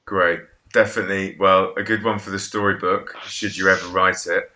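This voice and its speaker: A man interviewing a guest, asking encouraging questions in a halting way and offering praise. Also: deep voice, little pitch movement, pushed and bright. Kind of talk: casual interview.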